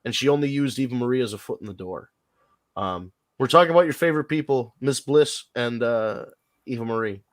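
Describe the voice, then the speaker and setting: A man hosting a podcast in casual, animated chat, profane and quick with asides. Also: medium pitch, no room sound. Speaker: podcast host.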